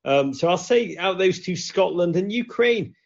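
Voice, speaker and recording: A man hosting a lively football chat show with callers, joking and swinging from loud to hushed. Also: high-pitched, moderate pace, creaky. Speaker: host. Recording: dull lo-fi sound.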